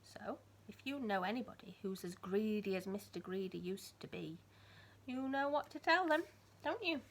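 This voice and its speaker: A woman teacher reading a storybook aloud to children, swinging between hushed whispers and loud emphasis. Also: medium pitch, expressive, moderate pace.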